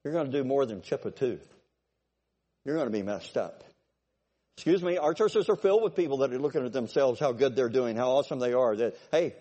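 A pastor in his sixties preaching a sermon, exhorting and building to forceful peaks. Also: mid-range voice, lively intonation, a little fast.

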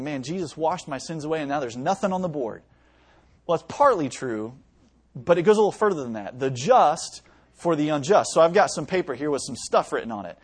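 A man in his thirties preaching a sermon, telling stories and using paper props with his young sons in a conversational way. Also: on the high side. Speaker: pastor. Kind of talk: sermon with object lesson.

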